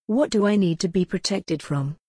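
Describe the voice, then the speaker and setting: A woman's voice: medium pitch, normal speed, dark tone, slightly rough, no echo, clean studio sound, lightly acted. A woman voicing a confused, frightened young woman in her twenties who pleads anxiously to go home. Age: 20s.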